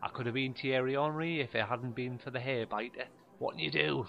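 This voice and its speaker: A man telling stand-up stories in a deadpan, rambling way, full of fillers. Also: mid-range voice, brisk, vocal fry, muffled recording. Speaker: stand-up comedian. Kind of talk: stand-up monologue.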